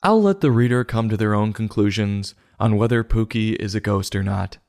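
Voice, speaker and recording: A man hosting a comic book review show, delivering mock-serious, sarcastic commentary in a deadpan way. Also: lowish voice, moderate pace. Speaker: host.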